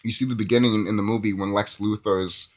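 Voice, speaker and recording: A man's voice: on the low side, steady tone, quick pace. A man giving a casual, rambling movie review who often laughs at his own jokes.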